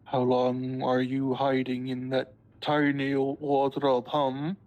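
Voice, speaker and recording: A man's voice: mid-range voice, monotone, slow pace, dull audio. A man streaming a game, reading its characters' lines aloud in a hammy way and correcting his own slips. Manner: playful, hammy, stumbles and corrects himself. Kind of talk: casual dramatic read-aloud of game dialogue.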